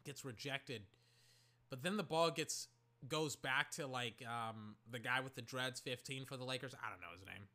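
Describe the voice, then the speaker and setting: A man from Oakland, California, casually calling a basketball game he is watching, rambling with lots of "like" and breaking into excited shouts. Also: medium pitch, moderate pace. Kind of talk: casual play-by-play while watching.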